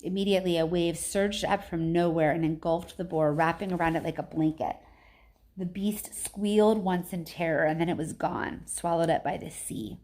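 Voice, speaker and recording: A woman reads a novel aloud in a casual teacher's manner, with chatty asides. Her voice sits on the lower side. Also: steady tone, normal speed, darkish tone.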